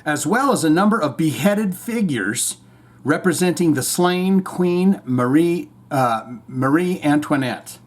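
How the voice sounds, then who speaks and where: A man's voice: fairly high pitch, expressive, measured pace. Rambling, irreverent male podcast host. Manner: rambling, irreverent, swears freely. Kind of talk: casual news commentary.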